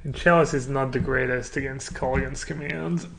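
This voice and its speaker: Brief: male streamer, gravelly mid-pitched voice, casual joking commentary. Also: fairly even intonation, normal speed, fairly bright tone, slight background noise. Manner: joking, thinks aloud about card choices.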